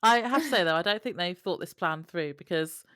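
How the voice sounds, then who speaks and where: A woman's voice: on the low side, animated, a little fast, a bit bright, clear, resonant tone, no echo, studio quality. A woman co-hosting a podcast, reading her notes aloud and laughing often. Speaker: podcast co-host. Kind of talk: casual episode recap chat.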